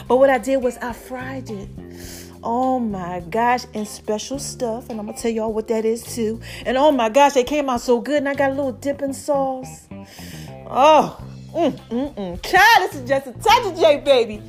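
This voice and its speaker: Chatty high-voiced woman podcast host. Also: normal speed, faint music behind. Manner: animated, chatty, calls listeners y'all and baby. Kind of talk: casual podcast monologue.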